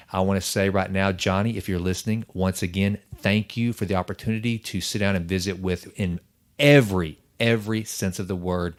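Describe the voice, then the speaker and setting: A man's voice: low voice, no room sound, studio quality. A man hosting a podcast, enthusiastic and rambling as he asks questions. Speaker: podcast host. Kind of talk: podcast interview.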